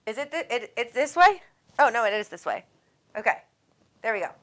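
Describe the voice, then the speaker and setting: A woman's voice: fairly high pitch, very animated, a little fast, a bit bright. A woman hosting a live call-in show, chatting casually in a bubbly, affectionate way and laughing often. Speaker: psychic medium show host. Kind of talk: casual live-stream chat.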